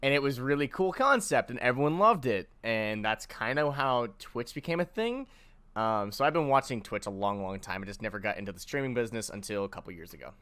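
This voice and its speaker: A man's voice: mid-range voice, big pitch swings, a little fast, a bit bright, clear, resonant tone, dry recording. A twenty-year-old man, a guest streamer, chatting casually and joking around on a podcast. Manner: joking, rambling, easygoing. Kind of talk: casual chat.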